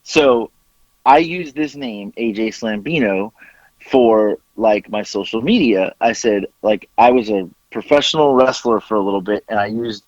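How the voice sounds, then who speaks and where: A man's voice: fairly low pitch, unhurried, darkish tone, no room sound. A man hosting a podcast, telling a story with lots of swearing and acting out both sides of a phone call. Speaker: podcast host.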